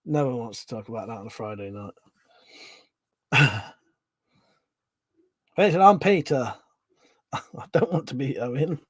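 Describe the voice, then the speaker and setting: A man's voice: mid-range voice, animated, unhurried, long pauses, a bit bright, slightly rough, no echo, studio quality. A man, hosting a casual livestream, reading out viewer comments, swearing freely and laughing often. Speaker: livestream host.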